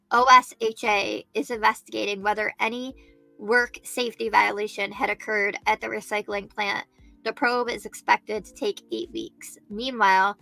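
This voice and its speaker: Chatty woman with a gravelly edge. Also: mid-range voice, bright, forceful tone. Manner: chatty, thinks aloud, greets viewers by name. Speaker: true crime livestream host. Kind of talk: live-stream chat, reading news aloud.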